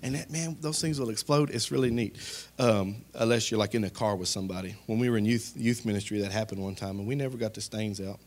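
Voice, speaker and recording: A man preaching a sermon as pastor, talking straight to his congregation in a conversational way, rising to loud emphatic peaks and dropping to quiet asides. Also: on the low side, quick pace. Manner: conversational, addresses the congregation directly.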